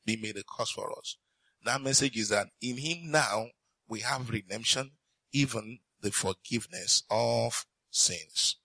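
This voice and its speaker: A man preaching a sermon as pastor, reading scripture slowly and asking the congregation questions he then answers. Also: medium pitch, pushed and bright, no echo, low-quality recording. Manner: reads scripture slowly and deliberately.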